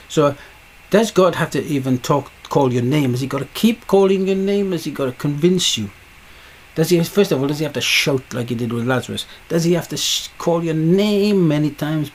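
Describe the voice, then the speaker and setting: A man's voice: fairly high pitch, expressive, normal speed. A man preaching a sermon, pressing his points with repeated rhetorical questions.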